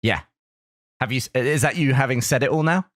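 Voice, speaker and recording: A man co-hosting a casual podcast over a remote call, easygoing and quick to laugh. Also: medium pitch, fairly bright tone, no room sound, studio quality. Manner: easygoing, giggly. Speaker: podcast co-host. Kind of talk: casual group chat. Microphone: remote call mic.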